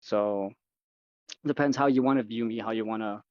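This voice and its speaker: A man's voice: fairly low pitch, normal speed, no room sound. Young man, rambling and profane, filler-heavy chat, dull lo-fi audio, dry sound. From United States. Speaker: guest. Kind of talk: casual chat.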